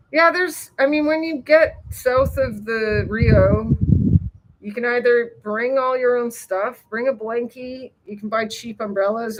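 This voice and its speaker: Woman just rambling on her livestream, chatty, laughs a lot, swears sometimes, gets loud and excited saying hi to people. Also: medium pitch, low-quality recording. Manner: greets viewers by name with excited bursts. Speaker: livestream host reading viewer chat. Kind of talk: casual rambling live chat.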